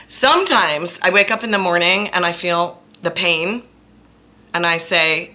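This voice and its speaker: Blunt, low-voiced woman counselor. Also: measured pace, pushed and bright. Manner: frank and blunt, openly emotional; emphatic, repeats phrases for stress. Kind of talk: direct-to-camera personal talk.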